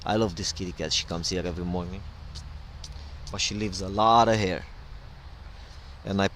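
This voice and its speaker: Middle-aged male podcast host, lowish voice, rambling casual monologue, faint background noise. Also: fairly even intonation, moderate pace, fairly bright tone. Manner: rambling, loose and digressive with many fillers.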